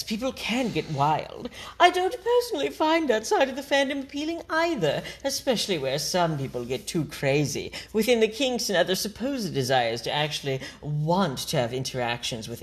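A woman hosting a podcast reads a complaint email aloud and mocks it as she goes. Her pitch swoops widely as she lays on dramatic, sarcastic emphasis. Laughter keeps breaking into her reading. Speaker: podcast host.

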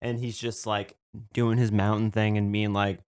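A man's voice: fairly low pitch, flat delivery, normal speed, a little mellow, clean tone, dry recording, clean studio sound. A man talking bluntly in a casual group chat, swearing offhandedly.

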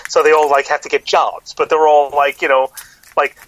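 Rambling podcast dad, fillers everywhere. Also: male voice, a little high, little pitch movement, moderate pace, fairly bright tone, low-quality recording. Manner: rambling, full of fillers and restarts. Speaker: podcast co-host. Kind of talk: casual chat.

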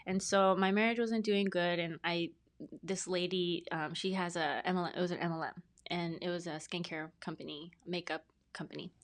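A woman in her thirties, a brand specialist appearing as a podcast guest, tells her story in a casual interview. Her voice is on the low side, steady in tone, and at normal speed, and she comes across as talkative, rambling, and earnest.

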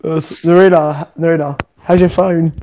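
A man's voice: fairly high pitch, fairly even intonation, moderate pace, warm tone, rough recording. A man hosting a casual podcast chat, telling stories in a rambling way with many fillers and constant swearing. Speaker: podcast host.

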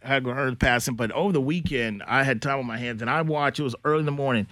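Fast-talking podcast host. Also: male voice, medium pitch, a bit bright, no echo. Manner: rambling storyteller, loose slangy delivery. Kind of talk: casual sports chat.

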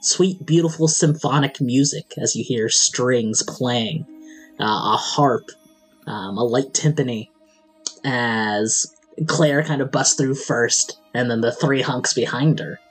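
A man's voice: mid-range voice, slow pace, husky, faint music behind. A man from the American Midwest narrating as game master, often laughing through his descriptions.

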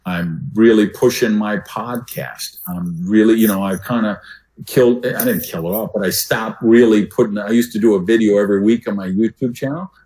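An older man, a speaking coach and podcast guest, who swings his voice loud and soft to make his points. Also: fairly low pitch, normal speed, low-quality recording.

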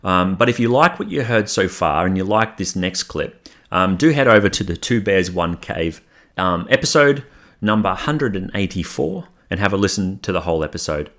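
A male podcast host with a fairly low voice introduces clips from other shows. He talks in a relaxed, conversational way and sprinkles in ums as he goes. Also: normal speed. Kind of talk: casual podcast narration.

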